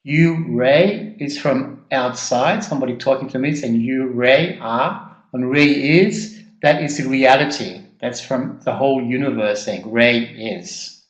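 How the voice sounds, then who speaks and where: Man, workshop trainer, halting delivery, repeats words, mid-pitched voice, roomy echo. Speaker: personal growth trainer. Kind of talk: live workshop teaching. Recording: echoey room.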